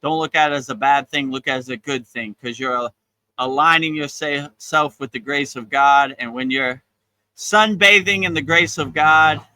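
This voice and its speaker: Bright-voiced man teaching with relaxed encouragement. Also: a little high, moderate pace, no room sound, low-quality recording. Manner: relaxed, encouraging, repeats phrases. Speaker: spiritual teacher. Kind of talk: casual spiritual talk. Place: outdoors on a beach.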